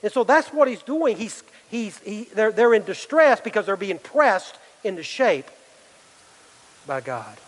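Earnest preacher with a high voice in a reverberant hall. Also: male voice, sing-song, a little slow. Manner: earnest preaching with rhetorical questions and restarts. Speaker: pastor. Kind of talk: sermon.

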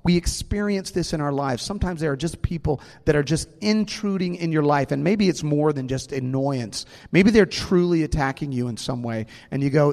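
A man's voice: a little high, normal speed, darkish tone. Joking pastor, a man in a reverberant hall. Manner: conversational, joking with the congregation. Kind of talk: sermon.

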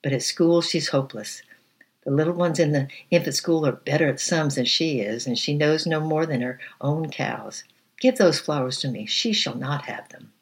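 A husky-voiced man reading aloud and voicing a spiteful, jealous schoolboy bully who talks in a sneering, bossy way. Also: on the high side, normal speed, natural voice.

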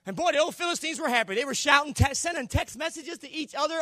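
A male pastor with a strikingly high, bright and forceful voice, delivering a sermon with wildly lively pitch. He swings from shouted peaks to hushed low tones, and the recording is close and dry. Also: quick pace, hardly any pauses, dry recording.

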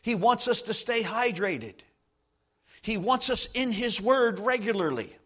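A man preaching a sermon as pastor, emphatic, slowing down to stress key lines and acting out little everyday scenes. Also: high voice, lively intonation, a bit bright, breathy edge.

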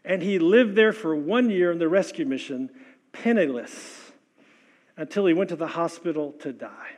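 Impassioned high-voiced older male preacher. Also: lively intonation, moderate pace. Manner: impassioned preaching with sudden loud and soft swings. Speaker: pastor. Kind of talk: sermon.

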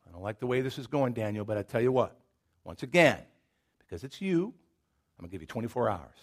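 A stern, impatient ancient king grudgingly gives way, speaking low and wearily, as a male preacher puts him on. The voice stays quiet and heavy. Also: lively intonation, fast talker.

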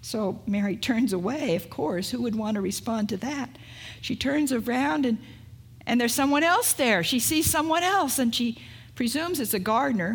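A woman pastor preaching a sermon, retelling a story in an unhurried way and asking rhetorical questions. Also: a little high, husky.

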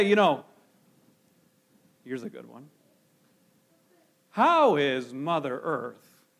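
A man's voice: high-pitched, fairly bright tone. A man preaching a sermon in a conversational way, asking his listeners rhetorical questions and often restarting his phrases. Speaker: pastor.

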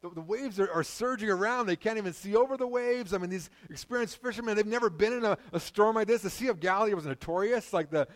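A pastor from Canada preaching a sermon in a conversational, storytelling way, with frequent restarts. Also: male voice, high voice, fast talker, few pauses, rough recording.

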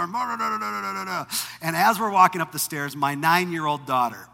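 A man's voice: a little high, a little slow, gravelly, pushed and bright. A middle-aged man preaching a sermon as a pastor, telling stories in a conversational, self-deprecating way. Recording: long reverb from a large hall.

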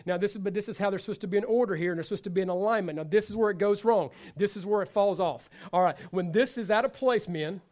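Male pastor, high-pitched, conversational sermon delivery with restarts and asides. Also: quick pace, few pauses, darkish tone. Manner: conversational preaching with repetitions and asides.

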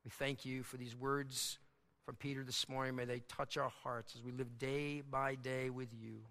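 A male pastor delivering a sermon in a church, building to loud, emphatic peaks and dropping low and soft for prayer. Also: level tone, moderate pace, gravelly. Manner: dynamic preaching, swells loud and high for emphasis. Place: church sanctuary. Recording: long hall reverb.

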